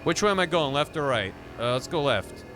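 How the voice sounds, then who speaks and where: A man's voice: a little high, expressive, brisk. Goofy streamer man over game music. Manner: goofy, talks to chat, swears and groans at the game. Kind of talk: casual live-stream gameplay commentary. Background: video game music.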